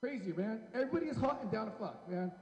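A man's voice: high voice, expressive, fast. A man doing a stand-up comedy set on a club stage, brash and profane as he teases the crowd. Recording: echoey hall.

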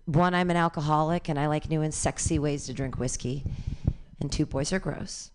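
A woman in her forties doing a bawdy stand-up set, telling her story in halting bursts that jump up into squeals. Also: deep voice, fairly even intonation, background noise. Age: 40s. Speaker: stand-up comic. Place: comedy club stage.

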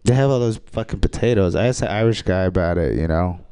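A man riffing crude, dark stand-up. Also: sits low, quick pace, clear, resonant tone, no echo. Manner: dark, crude jokes with a rambling, offhand delivery. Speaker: stand-up comedian. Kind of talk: stand-up routine on a radio show.

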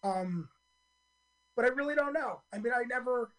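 A hoarse man in his fifties, a stand-up comedian telling his story in a radio interview, earnest and full of ums and restarts. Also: very high-pitched, lively intonation, normal speed, fairly bright tone, rough recording.

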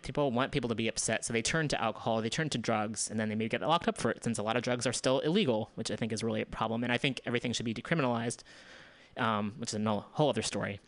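The voice here is mid-range and fairly bright, with no echo, belonging to a man presenting a community radio program. He runs through the news informally, commenting, digressing and starting lines over.

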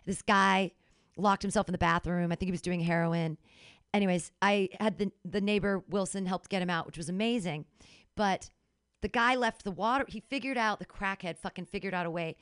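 A woman's voice: medium pitch, brisk, fairly bright tone, clean tone, no echo, studio quality. A woman telling an emotional story in casual podcast chat, dramatic and full of restarts.

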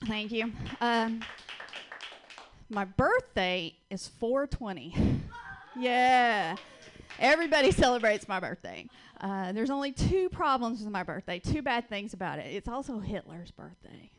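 A woman's voice: a little high, expressive. A woman in her forties from Georgia with a Southern accent, doing a brash, dry stand-up set on a club stage. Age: 40s. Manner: dry, brash storytelling with punchline pauses. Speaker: stand-up comedian.

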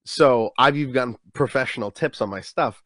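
A man in his twenties, a stand-up comedian, telling stories animatedly in a casual interview with quick restarts. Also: mid-range voice, fairly bright tone, dry recording, clean studio sound.

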